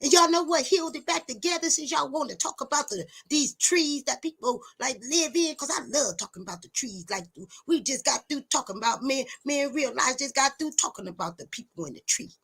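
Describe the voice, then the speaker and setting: This woman talks high, fast, and expressively, with a gravelly yet slightly bright voice and few pauses. As a self-styled teacher, she preaches straight at her viewers, blunt and emphatic, swearing, repeating words to stress them, and taunting with rhetorical questions.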